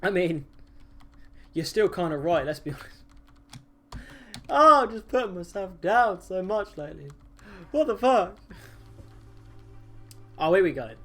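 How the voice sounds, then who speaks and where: A man's voice: high-pitched, animated, a little slow, pauses often, fairly bright tone, faint music behind. A young man chatting casually on a game livestream, self-mocking and joking, often breaking into laughs. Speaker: streamer.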